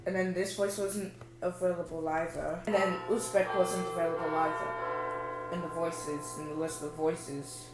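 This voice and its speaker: A woman casually demonstrating screen-reader software, thinking aloud and searching as she goes. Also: low-pitched, fairly even intonation, measured pace, reverberant, over loud music, rough recording.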